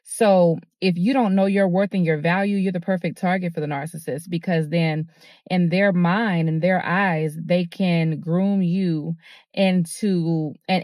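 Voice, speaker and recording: A woman's voice: lowish voice, a little mellow, no echo. A woman hosting a motivational talk, speaking earnestly and repeating herself, with many fillers. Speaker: host.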